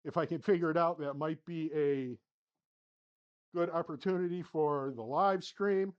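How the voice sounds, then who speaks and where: A man's voice: fairly high pitch, measured pace, clean tone, dull audio. Man talking through his golf shots. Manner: talks to himself between shots, swings from flustered to upbeat. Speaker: sim golf channel host. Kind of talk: casual play-by-play commentary. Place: home golf simulator studio.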